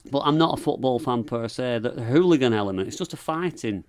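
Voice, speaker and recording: A man's voice: medium pitch, animated, fast, darkish tone. A middle-aged man from England with a Lancashire accent, chatting casually as a podcast guest and telling rambling stories in northern dialect. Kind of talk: casual chat.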